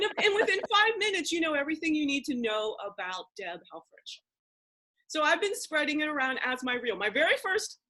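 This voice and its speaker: A woman from Philadelphia hosts a relaxed video-call conversation in a high, bright voice. She's animated and excitable, tumbling through frequent restarts and side remarks.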